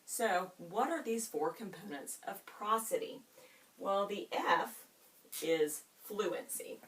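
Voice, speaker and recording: A medium-pitched woman teacher gives a reading lesson, asking her students questions and stretching out key words in an expressive, drawn-out way. She's far from the mic, picked up by a camera set up in the room.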